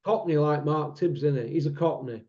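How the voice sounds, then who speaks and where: South Yorkshire man, podcast host, blunt and chatty, lightish pitch, muffled lo-fi sound. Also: a crowd in the background. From South Yorkshire, England. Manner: blunt, opinionated, quick quizzing. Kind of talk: casual chat.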